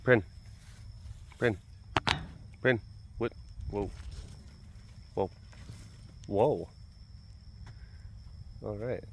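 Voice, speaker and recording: A man's voice: lowish voice, very slow, pauses often, husky. A man hosting a casual walk-around vlog at an animal facility, rambling playfully and chatting to the animals. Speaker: animal keeper vlogger. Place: outdoors at a rural animal facility.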